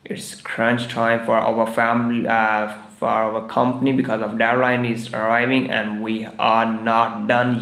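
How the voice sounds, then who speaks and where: A man's voice: mid-range voice, creaky, a bit bright, roomy sound. A man teaching English idioms on a live stream, repeating each phrase several times in broken English. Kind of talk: livestreamed English idiom lesson. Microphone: live stream microphone.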